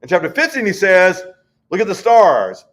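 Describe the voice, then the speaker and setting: A man teaching a Bible study, folksy and conversational, reading scripture slowly. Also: high-pitched, big pitch swings, a bit bright.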